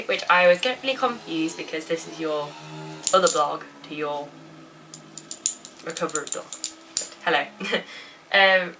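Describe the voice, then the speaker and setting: Giggly young woman, bright voice. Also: fairly low pitch, distant mic, slight background noise, rough recording. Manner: giggly, rambling, lots of fillers. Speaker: vlogger answering viewer questions. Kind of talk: casual Q&A chat. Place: home bedroom.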